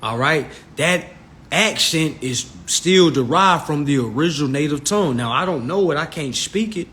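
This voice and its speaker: A man talking casually to a live audience, animated and loose. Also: normal speed. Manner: animated, shouts quoted voices in a high squeal. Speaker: Instagram live host.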